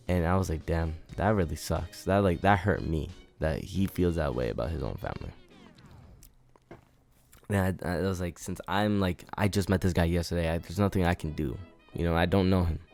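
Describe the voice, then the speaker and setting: Young man, very low voice, laid-back storytime vlog, lots of filler words, faint music underneath. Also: darkish tone. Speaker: vlogger. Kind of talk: casual storytime.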